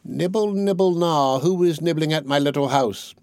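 A man voicing an old woman witch in a storybook reading, speaking softly and coaxingly. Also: fairly high pitch, no room sound, clean studio sound, pitched above the performer's own voice, close to an everyday voice. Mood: soft calling. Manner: soft, slow, wheedling.

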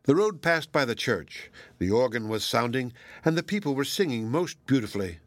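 A man reading a fairy tale aloud, with a lively delivery that briefly voices the characters. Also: mid-range voice, normal speed, no echo. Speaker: storyteller.

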